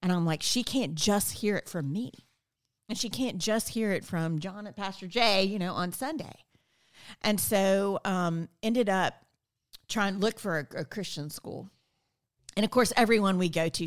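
A middle-aged woman, a podcast guest, telling stories in casual conversation and acting out quoted lines with lively energy. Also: mid-range voice, normal speed. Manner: animated, acts out quoted dialogue. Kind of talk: casual storytelling interview.

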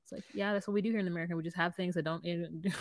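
A woman co-hosting a podcast in casual chat, blunt and sassy, quick to criticize. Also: fairly low pitch, fairly even intonation, dry recording. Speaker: podcast co-host.

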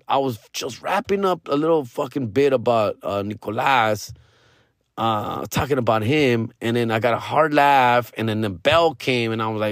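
A middle-aged male comedian riffs through a story on his podcast, swearing freely and calling the listener "fool" and "dog", now and then slipping into Spanish slang. His voice sits a little high for a man. It comes through a close, dry mic with no room around it. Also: dry recording. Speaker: stand-up comedian and podcast host. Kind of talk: casual storytelling monologue.

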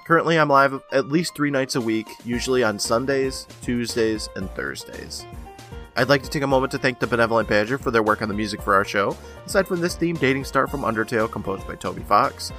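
A man co-hosting a podcast, his voice bright and forceful. He talks at a mid pitch in relaxed, friendly banter. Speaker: podcast co-host. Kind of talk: casual podcast chat and outro read.

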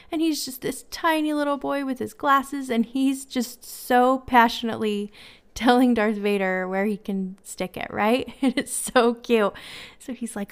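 A woman's voice: medium pitch, steady tone, normal speed, clean tone. A woman and mother hosting a podcast, telling stories in a chatty way and laughing often. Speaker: podcast host. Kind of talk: casual storytelling.

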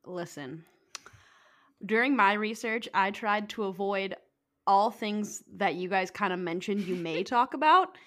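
A woman co-hosts a podcast late at night, teasing her friends with a playful, easygoing manner. Her voice stays at a middle pitch, and the talk is loose and unhurried. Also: lively intonation, fairly bright tone. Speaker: podcast co-host. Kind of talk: casual chat.

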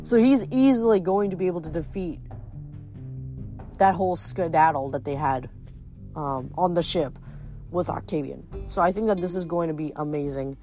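A woman reading a novel aloud and adding rambling, expressive commentary between chapters. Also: fairly low pitch, moderate pace, faint music behind. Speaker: audiobook reader.

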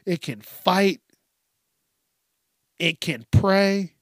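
A man's voice: high voice, animated, extremely slow, fairly bright tone, no room sound, clean studio sound. A man hosting a casual solo podcast, talking loosely, swearing and drifting between topics with frequent restarts. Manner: frequent restarts and repeated words. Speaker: podcast host.

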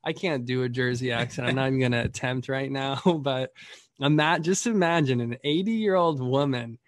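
A man's voice: medium pitch, moderate pace. A man hosting a casual chat, rambling and laughing often as he talks shop. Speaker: podcast host, Medicare marketer.

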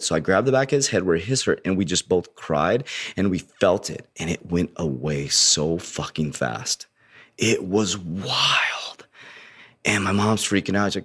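Deep-voiced man with a slight lisp. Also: normal speed, fairly bright tone, husky. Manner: earnest, profane, addresses listeners as warriors. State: slight lisp from an injured tongue. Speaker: motivational speaker. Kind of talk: candid personal storytelling.

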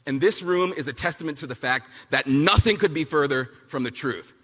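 A man giving a punchy, fiery speech at a youth summit. He repeats lines for effect and mocks people with quick impressions. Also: a little high, fairly bright tone. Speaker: speaker at a youth political summit. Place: large hall at a summit, with an audience. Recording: big hall with long reverb and a faint crowd.

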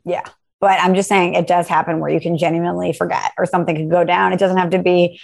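A young woman co-hosting a casual chat, telling an animated story and acting out quoted lines. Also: on the low side, quick pace, vocal fry. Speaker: co-host.

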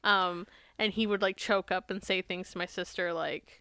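Bright, crisp-voiced woman podcaster. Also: medium pitch, steady tone, normal speed, no room sound. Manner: chatty, swears, acts out quotes in voices. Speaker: podcast co-host. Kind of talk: casual chat recapping a reality show.

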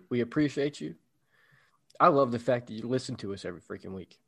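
A man co-hosting a relaxed podcast, rambling and reflective as he works through an idea. His voice sits in an ordinary middle pitch. He sounds easygoing and conversational. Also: quick pace, creaky. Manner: rambling and reflective, explaining ideas with examples. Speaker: podcast co-host. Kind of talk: casual podcast chat.

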